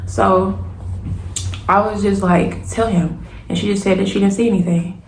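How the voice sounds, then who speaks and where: A young woman tells a storytime to her viewers, speaking in a gravelly, level voice that stays fairly flat. She keeps acting out the dialogue and turning back to her audience, and her voice bounces around an echoey room with a faint hum behind it. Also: mid-range voice, normal speed. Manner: animated retelling with repeated "y'all" and quoted dialogue. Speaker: storytime vlogger.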